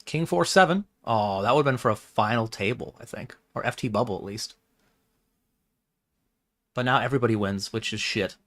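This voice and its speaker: A man talks half to himself as he plays online poker on a stream, tallying what is left and tossing off dry asides. His voice sits at a middling pitch, and his tone stays casual and mumbling. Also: moderate pace, long pauses, fairly bright tone. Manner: muttering, wry, thinks aloud. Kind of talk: casual live-stream commentary.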